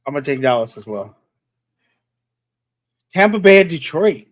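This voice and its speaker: A man's voice: fairly high pitch, very animated, normal speed. A man hosting a casual sports podcast, calling on his co-hosts for picks and teasing them. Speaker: podcast host.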